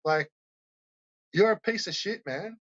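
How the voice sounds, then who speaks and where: On his troll-reaction stream, a man rants and makes fun of viewers, swearing at every turn. His voice sits high and is fairly bright, with a slightly slow delivery. The sound is lo-fi.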